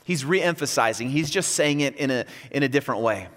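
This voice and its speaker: A man preaching a sermon as pastor, in a conversational, animated way with casual asides. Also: mid-range voice, brisk. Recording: long reverb from a large hall.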